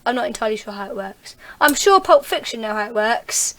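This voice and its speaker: Podcast host: a woman, fairly high voice, chatty and giggly, reading through community news. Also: lively intonation, brisk, a bit bright. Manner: giggly, chatty, reads out details. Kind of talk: casual podcast chat.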